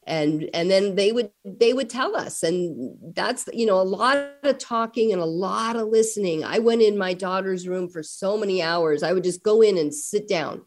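A middle-aged woman, a parent guest in an interview, telling family stories with lively acted-out dialogue. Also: mid-range voice, moderate pace, few pauses. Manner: animated storyteller acting out family dialogue. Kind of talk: conversational interview storytelling.

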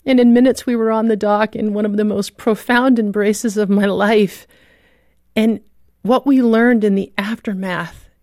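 A woman tells a personal story as an earnest testimony, her voice sitting at an ordinary middle pitch. The sound is dry and close, with no room around it. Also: dry recording. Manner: earnest storytelling with vivid reenacted shouts. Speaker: guest telling a personal story. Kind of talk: emotional testimony.

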